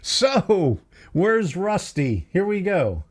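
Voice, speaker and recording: A man's voice: high voice, big pitch swings, drawn-out words, heavy background noise. An older man hosting a live stream, greeting viewers by name in a chatty, folksy way. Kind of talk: casual live stream chat.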